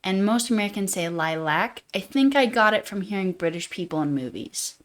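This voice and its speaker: A woman with a Utah accent hosting a livestream, chatting casually in a fairly monotone way and reading chat comments aloud. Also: medium pitch, fairly quick. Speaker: livestream host.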